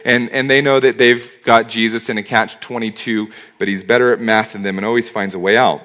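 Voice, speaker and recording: A man's voice: medium pitch, fairly quick, hardly any pauses, bright, forceful tone. A man preaching a sermon as pastor, speaking conversationally and asking rhetorical questions.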